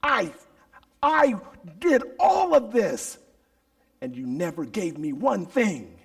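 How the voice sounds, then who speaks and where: A preacher voicing a resentful elder son who complains bitterly and slowly to his father. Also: high-pitched, very animated, vocal fry, voice pushed up, full character voice. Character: resentful elder son, sulking grown man.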